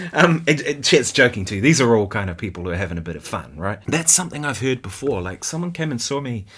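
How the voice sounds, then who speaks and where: Man, New Zealand accent, guitar channel host, casual chat, mid-pitched, laughs a lot. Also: very animated, a little fast, fairly bright tone, slightly rough. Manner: chatty, laughs often, keeps asking "right?". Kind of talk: casual commentary on viewer comments.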